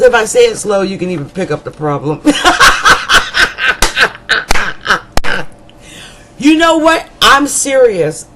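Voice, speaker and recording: A woman's voice: low voice, a little mellow, a little hiss or hum, low-quality recording. A woman astrologer giving a monthly horoscope reading, talking in a rambling, colloquial, chatty way with jokes, asides and repeated words for emphasis.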